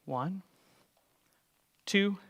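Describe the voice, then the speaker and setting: A man leading a church children's program through stretches and vocal warm-ups in an upbeat, encouraging way. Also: high voice, drawn-out words, vocal fry. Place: church hall. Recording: echoey hall.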